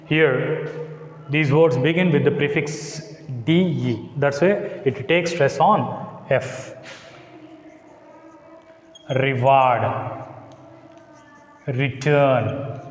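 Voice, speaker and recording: Slow Indian English teacher, echoey room. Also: male voice, a little high. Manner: slow, deliberate, spells out letters and repeats example words. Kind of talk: classroom lecture on word stress. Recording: echoey room with long reverb.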